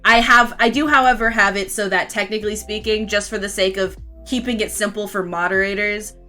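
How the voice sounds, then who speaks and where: Young woman streamer, vaguely Southern, bright and giggly, rambling chat over faint music. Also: mid-range voice, steady tone, brisk. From Florida, US. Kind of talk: casual chat while drawing and reading chat.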